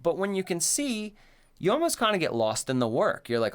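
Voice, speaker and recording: Middle-aged male podcast co-host; loose, rambling storyteller with a very lively pitch. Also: a little fast. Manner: rambling, filler-heavy storytelling. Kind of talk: casual chat.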